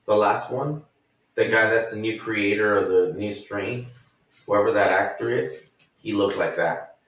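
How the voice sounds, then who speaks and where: A man's voice: lowish voice, unhurried, fairly bright tone. Profane man telling a story, far off mic in an echoey room. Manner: profane, rambling storyteller who acts out quotes. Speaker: podcast co-host. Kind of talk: casual storytelling chat.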